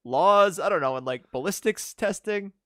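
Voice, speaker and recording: A man's voice: high-pitched, lively intonation, normal speed, pushed and bright, no room sound, clean studio sound. A man hosting a casual movie podcast, recapping the plot in a rambling way with lots of fillers. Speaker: podcast host.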